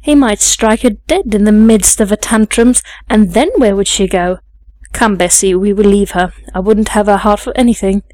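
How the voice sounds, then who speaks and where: A woman's voice: mid-range voice, normal speed, a little mellow, dry recording, close to an everyday voice. A woman voicing a harsh, self-righteous lady's maid who speaks sharply and contemptuously.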